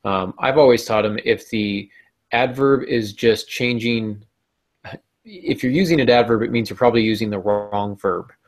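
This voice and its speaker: A man with a somewhat low voice responds in a relaxed, reflective way on a writing podcast. He sounds agreeable and thoughtful, like a teacher talking to fellow writers. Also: moderate pace. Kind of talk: casual podcast discussion.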